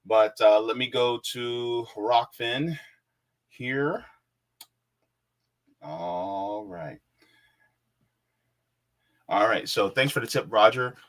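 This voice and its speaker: A man's voice: mid-range voice, very slow, long pauses, fairly bright tone. A man hosting a livestream from indoors in Florida, reading viewer super chats aloud in a loose, joking way and laughing often. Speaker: livestream host.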